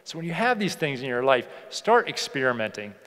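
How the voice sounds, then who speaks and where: A man's voice: mid-range voice, very animated, brisk, a bit bright. A man giving a motivational keynote speech on a conference stage, emphatic and repeating phrases for effect. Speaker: keynote speaker. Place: large conference hall. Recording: long hall reverb from a PA.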